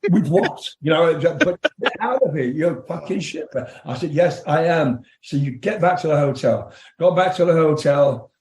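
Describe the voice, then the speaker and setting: A man's voice: medium pitch, a little mellow, roomy sound. An older English man, a rock singer, candidly telling profane stories in an interview, laughing as he goes. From England. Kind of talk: storytelling interview.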